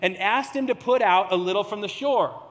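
A man's voice: high voice, normal speed, a bit bright, in a large hall. A man preaching a sermon in a conversational, storytelling way, acting out quotes as he goes.

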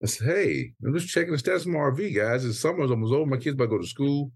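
Animated, profane man telling a story. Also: mid-range voice, rapid-fire, husky, no room sound, studio quality. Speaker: podcast co-host. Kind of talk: casual chat, venting story.

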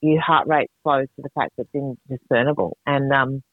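A woman joining a podcast over a call, telling stories in an animated, casual way over tinny call audio. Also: a bass voice, fairly quick, dry recording. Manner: animated storyteller. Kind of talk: casual chat. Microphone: phone or video call.

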